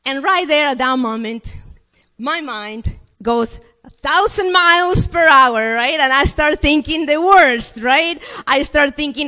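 In a hall with long, lingering reverb, a high-pitched woman from Latin America preaches at a measured pace. She tells a personal story in an animated way and keeps turning to her listeners with questions.

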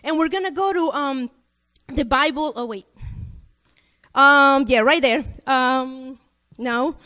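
A woman's voice: high-pitched, slow. A woman from Latin America preaching a sermon, telling a personal story and asking her listeners questions. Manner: animated storytelling, addresses audience with questions. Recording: long reverb of a hall.

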